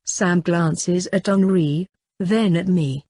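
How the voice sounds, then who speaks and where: A woman narrating an audiobook in a steady first-person reading. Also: on the low side, unhurried. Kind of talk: scripted narration.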